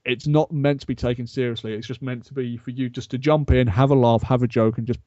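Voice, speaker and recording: Man, mellow dark voice, relaxed easygoing guest, dry dull lo-fi sound. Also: medium pitch, fast talker, no room sound. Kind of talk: casual gaming chat.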